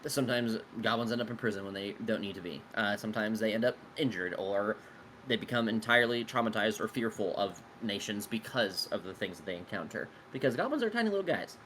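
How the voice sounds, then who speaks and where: A man's voice: fairly low pitch, fairly even intonation, fairly quick, a bit bright, slight background noise. A man running a tabletop game as game master, casually explaining his world to players with lots of fillers and some swearing. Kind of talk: answering player questions out of character.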